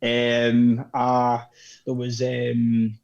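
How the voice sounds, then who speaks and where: A Scottish man talks in a rambling, chatty way, leaning on "mate" in nearly every sentence. His voice sits at a middling pitch. The recording sounds a little dull and lo-fi. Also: completely flat delivery, extremely slow, vocal fry, a little mellow. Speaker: podcast guest. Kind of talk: casual chat.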